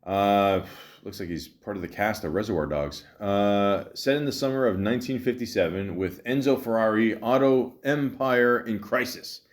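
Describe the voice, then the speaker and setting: A man of half Italian, half Greek heritage hosts a solo podcast, chatting casually about a movie at normal speed in a fairly low voice. His commentary rambles and jokes, packed with swearing, fillers and restarts.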